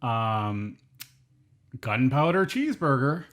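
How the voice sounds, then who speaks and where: A man's voice: medium pitch, sing-song, takes it slowly, a bit bright. A man co-hosting a podcast, talking about movies in a laid-back, hesitant way. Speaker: podcast co-host. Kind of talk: casual movie review chat. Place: shared room, filmed.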